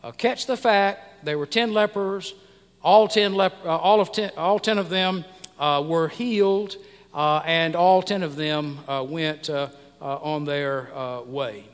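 Man, middle-aged pastor, sermon, slightly high voice, halting with lots of fillers, long hall reverb. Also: clean tone. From United States. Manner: halting, many "uh" fillers and restarts.

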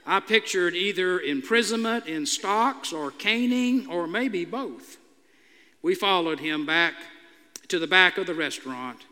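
A man's voice: a little high, pushed and bright. A male pastor delivering a sermon, telling a story with dry humor, recorded in an echoey church hall.

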